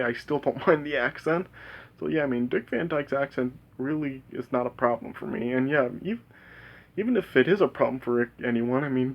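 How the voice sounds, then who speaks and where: A man's voice: mid-range voice, dull audio. A man casually reviewing a movie, rambling with lots of fillers and restarts, enthusiastic and laughing often.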